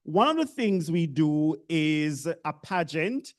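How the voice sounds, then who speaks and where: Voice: medium pitch, animated, slow. A speaker with a Jamaican accent gives a casual orientation address to new university students, joking and teasing the audience. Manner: joking, self-deprecating, chatty with the audience.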